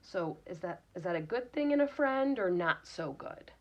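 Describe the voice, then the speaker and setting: A woman's voice: fairly low pitch, lively intonation, normal speed, a little mellow. A woman teacher reading a picture book aloud to young children, patiently explaining words and sounding them out. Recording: dull lo-fi recording.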